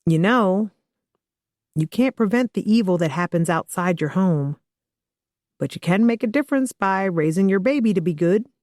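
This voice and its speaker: A woman's voice: mid-range voice, expressive, normal speed, a little mellow, no room sound, studio quality, close to an everyday voice. A woman voicing a blunt, profane young man who is about to become a father, read for an audiobook. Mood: rueful. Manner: profane, teasing, matter-of-fact. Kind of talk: audiobook dialogue reading.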